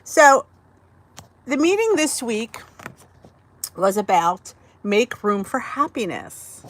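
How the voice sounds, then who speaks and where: A woman's voice: fairly high pitch, big pitch swings, takes it slowly. Chatty woman hosting a phone livestream. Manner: chatty, greets viewers by name. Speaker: livestream host. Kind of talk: casual livestream chat. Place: indoors.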